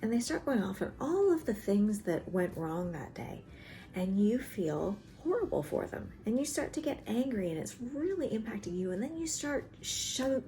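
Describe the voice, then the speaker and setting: A woman therapist calmly explaining emotional boundaries, acting out small everyday conversations as she teaches. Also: mid-range voice, moderate pace. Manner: gentle and explanatory, acts out little dialogues. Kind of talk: teaching talk to camera. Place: in South Carolina.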